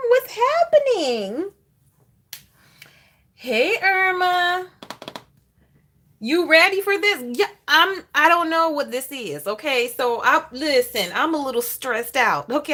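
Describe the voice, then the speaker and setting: A woman's voice: high voice, fairly bright tone. A woman hosting a casual planner livestream, chatting and greeting viewers by name while laughing often.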